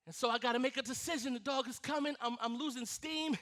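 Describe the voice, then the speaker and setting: A man preaching with a strikingly high, bright voice. He tells his stories in an animated way, laughing and acting out the scenes as he goes. The delivery has a forceful edge that carries. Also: fast, few pauses. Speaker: pastor. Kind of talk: sermon.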